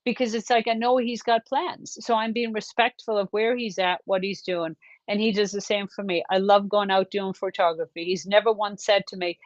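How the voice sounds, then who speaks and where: A woman's voice: mid-range voice, fairly even intonation, moderate pace, hardly any pauses, no room sound, dull audio. A woman on a video call talking earnestly, giving direct advice about relationships. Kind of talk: casual advice chat.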